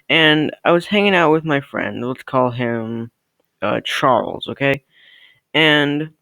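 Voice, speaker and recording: A young man tells his own story to camera, loose and rambling, swearing freely and stuffing his sentences with fillers. His voice sits at a middling pitch. The recording is dry, with no room sound around it. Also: a bit bright, no echo, poor audio. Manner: rambling, profane, lots of fillers. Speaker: storytime vlogger.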